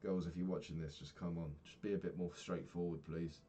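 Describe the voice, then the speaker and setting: A man's voice: low-pitched, fairly even intonation, brisk, dark tone, a little hiss or hum. A young man in his twenties talking frankly in a rambling daily vlog, swearing casually and filling gaps with ums. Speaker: vlogger.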